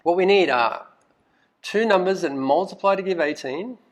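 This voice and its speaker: A man's voice: sits high, normal speed. A male math teacher walking through a recorded lesson, asking lots of questions, coaxing students and muttering asides as he thinks aloud. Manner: lively, asks questions and coaxes students.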